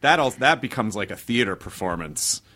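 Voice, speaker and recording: A male podcast host in a casual conversation, speaking in a middle pitch. He talks quickly and thinks aloud, restarting sentences as he goes. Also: lively intonation, sharp tone.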